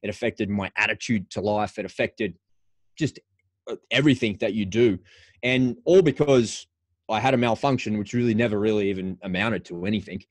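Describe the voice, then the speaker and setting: A middle-aged former paratrooper, speaking briskly in a lowish voice with no echo, frankly tells a personal story as a podcast guest. The interview is candid, and he often restarts his phrases.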